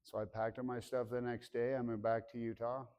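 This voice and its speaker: A man in his thirties speaking candidly to students about his life, halting and full of restarts, acting out remembered conversations. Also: medium pitch, level tone, clean tone, lo-fi sound. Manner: acts out remembered dialogue with raised voice. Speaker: motivational speaker. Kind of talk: personal story told to a student audience. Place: school hall.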